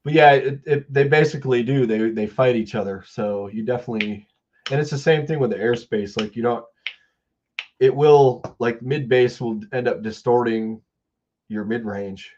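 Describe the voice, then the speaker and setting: A man co-hosting a podcast talks in casual, rambling chat and often restarts his sentences. His voice sits in an ordinary middle pitch. The sound is slightly dull and lo-fi. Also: moderate pace, a little mellow. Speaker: podcast co-host.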